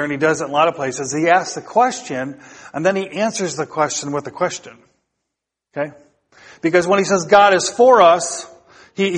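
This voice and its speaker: A male pastor preaching a sermon to his congregation, building emphasis through repeated phrases and putting questions to the listeners. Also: high-pitched. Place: church sanctuary. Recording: long hall reverb.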